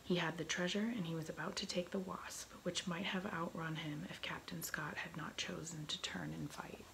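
A woman reading a novel aloud in soft, slow whispered role-play, close to an ASMR microphone. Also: lowish voice, steady tone, gravelly. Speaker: ASMR reader. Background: faint heater hum.

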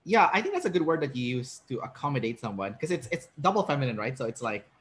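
A man's voice: medium pitch, sing-song, quick pace, a bit bright. A man hosting a casual interview as a personality trainer, explaining ideas and acting out short example lines.

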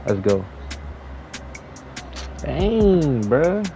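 A young man giving slangy, excitable trash-talk commentary over his own basketball video game play. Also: on the high side, drawn-out words, faint music behind, low-quality recording. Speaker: gaming YouTuber. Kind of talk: live gameplay commentary.

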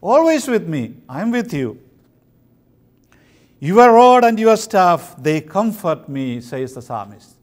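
A man from India giving a slow, emphatic sermon with pauses at a convention. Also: sits high, big pitch swings. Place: convention hall.

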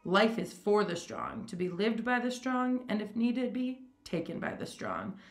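A woman reading a story aloud, voicing a suave, cruel older male aristocrat with a smooth, amused, condescending manner. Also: medium pitch, very animated, a little slow, roomy sound, pitched above the performer's own voice.

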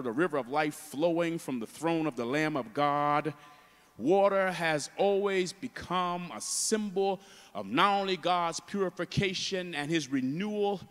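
A man preaching a sermon as a guest preacher, moving from calm teaching to loud, fervent preaching. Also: fairly high pitch, long reverb tail. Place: large church.

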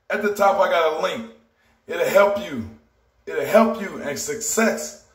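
A man gives an upbeat, preachy motivational vlog, often saying things twice. His voice sits high for a man. He is recorded in a roomy, echoing home kitchen. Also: fairly bright tone. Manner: upbeat, preachy, repeats phrases. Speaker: vlogger and healthy-lifestyle promoter. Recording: roomy, echoey room.

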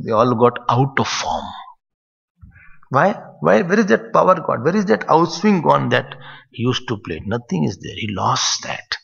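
An older man with an Indian English accent gives a scripture discourse, teaching in a loose, conversational way. His voice is gravelly and husky. The sound is dull and lo-fi, with a long hall echo around it. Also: mid-range voice, very animated, moderate pace, a bit bright. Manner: conversational, digressive teaching, mixing in Hindi phrases. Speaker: spiritual teacher. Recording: dull, echoey hall recording.

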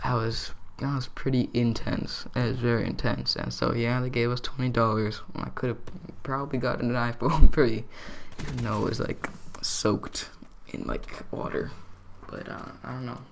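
Young man, casual storytelling vlog, gravelly fry in his voice, rambling and excitable, faint hiss behind. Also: mid-range voice, normal speed. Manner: excitable, rambling, lots of "like" and "dude". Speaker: YouTuber telling a story.

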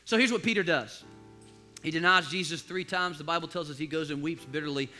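A man preaching in a church service, his voice high for a man and cutting, forceful and bright. He rallies the congregation to call back and drops between lines into low, confiding asides. Soft music sits faintly behind him. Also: a little fast. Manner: exhorting, call-and-response with the congregation; swings from loud rallying to low, confiding asides. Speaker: pastor. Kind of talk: sermon.

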